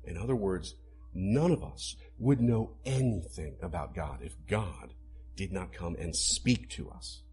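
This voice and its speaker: A man preaching a sermon to a congregation, animated, acting out quoted lines as he explains. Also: low voice, a little slow. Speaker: pastor.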